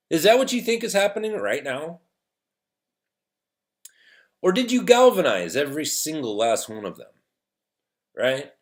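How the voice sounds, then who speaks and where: A man's voice: on the high side, very animated, a little slow, pauses often. A man hosting an opinion show, telling a rambling story with restarts and sarcastic jabs. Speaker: podcast host.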